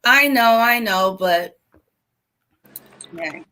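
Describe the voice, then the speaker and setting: A woman's voice: mid-range voice, lively intonation, extremely slow, bright, forceful tone, poor audio. A woman guest in a casual live chat, defending herself with a laugh.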